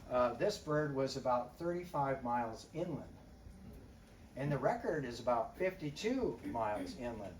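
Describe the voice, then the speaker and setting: A man gives an animated nature lecture in an echoey room, heard from a distance. He talks conversationally, tosses questions at his listeners and clears his throat now and then. Faint background noise sits under his voice. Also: on the high side. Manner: conversational, quizzes the audience. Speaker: wildlife biologist giving a public talk. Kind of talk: lively illustrated lecture to an audience.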